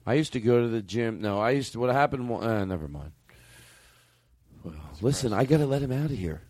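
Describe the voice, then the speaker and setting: A man's voice: mid-range voice, expressive, brisk, darkish tone, no echo, clean studio sound. A man hosting a comedy podcast, bantering casually, laughing and slipping into comic voices. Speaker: podcast host.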